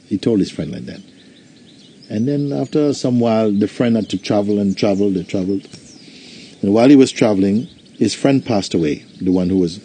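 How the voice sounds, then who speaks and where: A man, a spiritual teacher, giving a satsang talk and telling a story in a gentle, unhurried way. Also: fairly low pitch, a little hiss or hum.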